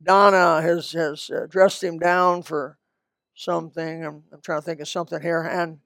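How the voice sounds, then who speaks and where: An older pastor preaches in a folksy, conversational way, full of quick asides. His voice sits high for a man and has a gravelly edge. The sound is close and dry. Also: level tone, fairly bright tone, no echo. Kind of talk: sermon. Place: church.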